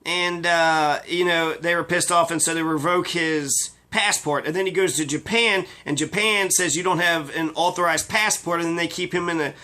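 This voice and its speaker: Man commentator, bright tense voice, rambling angry rant full of swearing. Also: a little high, steady tone, normal speed, few pauses. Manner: profane, indignant, rambling. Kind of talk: casual ranting monologue.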